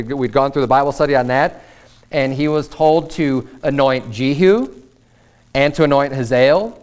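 A man preaches a midweek Bible study with a voice of ordinary pitch. He reads the old scripture passages aloud, then breaks them down in loose, everyday talk for his congregation. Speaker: pastor.

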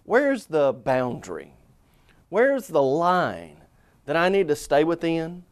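A man preaching a televised sermon, earnest and emphatic, asking rhetorical questions and slowing down to stress key phrases. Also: fairly high pitch, very animated, clear, resonant tone.

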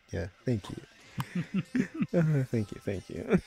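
A man's voice: mid-range voice, huge pitch swings, slow pace, creaky, warm tone, breathy edge. A young man streaming in a social VR game, joking crudely and laughing often in casual chat. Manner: giggly, joking, crude banter.

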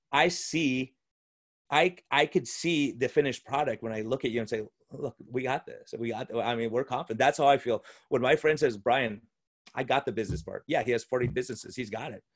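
Man, doctor, podcast host, rapid speech, excitable, rambling, lots of restarts, recorded in a home room. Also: mid-range voice, breathy edge. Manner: enthusiastic, rambling with many restarts. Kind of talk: casual conversational chat.

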